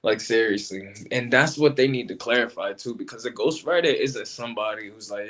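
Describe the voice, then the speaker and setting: Slangy, animated man talking battle rap. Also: mid-range voice, brisk, few pauses, slight background noise. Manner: animated, slangy, repeats himself. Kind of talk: casual commentary monologue.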